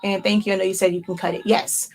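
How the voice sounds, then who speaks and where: A middle-aged woman who owns a small printing business chats casually while she works through a live craft demo. She thinks out loud and corrects herself mid-sentence. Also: medium pitch, flat delivery, fast talker, creaky. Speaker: small business owner demonstrating sublimation printing.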